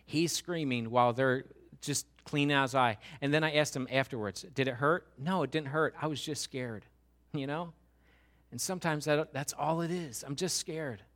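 A middle-aged man preaching a sermon as pastor, dropping to a hushed, slow voice and then building to loud, emphatic questions. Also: a little high.

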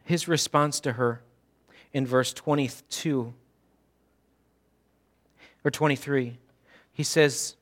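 Bright-voiced dramatic male preacher. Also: medium pitch, fairly even intonation, slow, pauses often. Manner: dramatic, swings from hushed to shouting. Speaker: pastor. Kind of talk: sermon. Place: church.

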